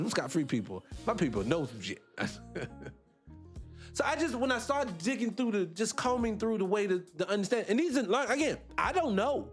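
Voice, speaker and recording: A middle-aged man from the United States hosting a casual livestream, talking emphatically and firing off rhetorical questions. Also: a little high. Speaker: livestream host.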